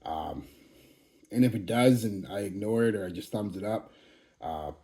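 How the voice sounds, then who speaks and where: This is a casual channel update from a fragrance channel host in his forties, speaking at a moderate pace in a lowish, dark-toned voice. His talk is blunt, full of profanity, and rambles with frequent restarts.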